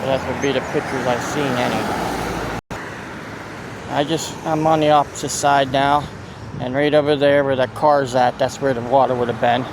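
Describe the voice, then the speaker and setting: A man's voice: mid-range voice, steady tone, moderate pace. A man with a Central Pennsylvania accent, walking outdoors and narrating casually into a handheld phone, rambling and restarting as he points things out. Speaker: local walking-tour vlogger. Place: outdoors on a town street with passing cars. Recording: faint street noise outdoors. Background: traffic and street noise.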